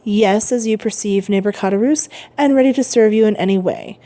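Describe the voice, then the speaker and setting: A woman's voice: mid-range voice, fairly quick, mellow, lightly acted. A woman voicing an earnest young male sailor who is a devoted son, speaking eagerly in a storybook reading.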